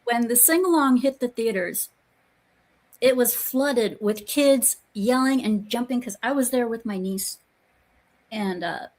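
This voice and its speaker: A woman's voice: fairly high pitch, a little slow, a little mellow. A woman hosting a casual podcast chat, rambling and often restarting her sentences. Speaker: podcast host. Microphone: remote podcast call.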